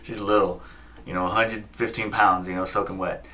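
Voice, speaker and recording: A man in his thirties, a podcast guest, telling a story in quick, profane casual chat and acting out the quotes. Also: low-pitched, little pitch movement, bright, forceful tone. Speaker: guest, fighter and coach. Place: podcast studio.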